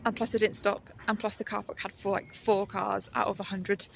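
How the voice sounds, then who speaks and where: A woman, chatting casually in her vlog and laughing often as she talks herself calm. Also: medium pitch, brisk, gravelly, a little hiss or hum. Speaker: artist vlogger. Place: outdoors on a walk, then at home.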